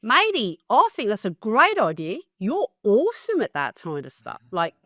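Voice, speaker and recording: A woman's voice: wildly swooping pitch, normal speed, bright, forceful tone, no room sound, heavily acted. A woman voicing an encouraging female Australian friend in a put-on, exaggerated Australian accent. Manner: exaggerated, upbeat, high.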